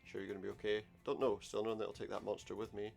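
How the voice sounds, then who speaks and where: Male gamer, deep and a bit gravelly, wry casual commentary over soft game music. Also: flat delivery, very fast. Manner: wry, sarcastic asides. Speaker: let's play gamer. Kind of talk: casual game commentary, reading game dialogue aloud.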